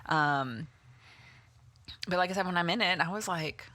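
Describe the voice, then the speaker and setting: A woman with a bright, slightly low voice co-hosts a casual podcast. She talks in a chatty way, laughs often and leans on fillers. The sound is dry and close. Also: normal speed, no room sound. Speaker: podcast co-host.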